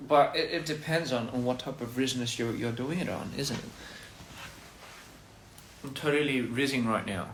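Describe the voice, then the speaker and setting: A man's voice: medium pitch, moderate pace, reverberant, a little hiss or hum. A man chatting casually on a phone livestream, rambling through goofy wordplay and laughing at his own jokes. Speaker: livestream host.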